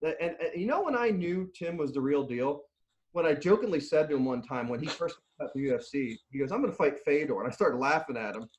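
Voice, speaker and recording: A man's voice: a little high, fast, lo-fi sound, slight background noise. A middle-aged man, a nutrition and strength coach, telling stories in a casual interview, laughing and restarting often. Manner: animated, laughing storyteller with many restarts.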